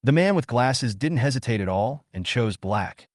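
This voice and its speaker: A man narrating a comic story as a steady, scripted read. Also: mid-range voice, normal speed, dry recording, studio quality.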